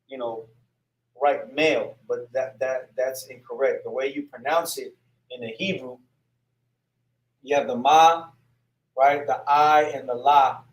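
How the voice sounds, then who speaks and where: A man gives a casual spoken lesson at an unhurried pace, his voice sitting a little high. He breaks words into syllables and keeps asking "right?". The room around him rings with echo. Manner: slow and repetitive, sounds out syllables, often asks "right?". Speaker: teacher going over a word list. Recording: echoey room sound.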